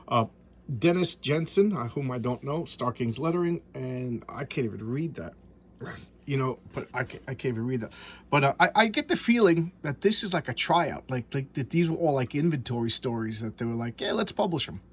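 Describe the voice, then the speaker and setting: Husky-voiced man rambling about comics. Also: mid-range voice, lively intonation, moderate pace. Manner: rambling, loose retelling with frequent restarts and asides. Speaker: comic book reviewer. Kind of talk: casual comic book review.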